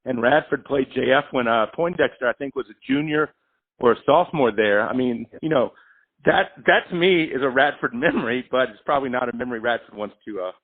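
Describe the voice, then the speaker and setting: A man's voice: medium pitch, brisk. Man, sports interviewer, mid-range voice, narrow lo-fi sound. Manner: conversational, asks questions. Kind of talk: radio interview.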